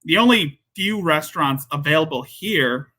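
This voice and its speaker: A man hosting a reaction commentary, mocking and sarcastic, with jumpy high exclamations. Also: animated, moderate pace, sharp tone. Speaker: commentary host.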